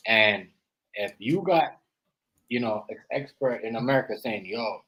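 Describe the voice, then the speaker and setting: A man hosting a live stream, rambling through casual reaction commentary and swinging between loud outbursts and quiet asides. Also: medium pitch, animated, a little slow, husky, poor audio. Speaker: stream host. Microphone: live stream setup.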